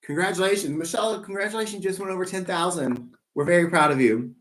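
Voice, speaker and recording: A man's voice: high-pitched, fast, fairly bright tone. Chatty man hosting live trivia. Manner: playful, rambling, self-teasing asides. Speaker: trivia game host.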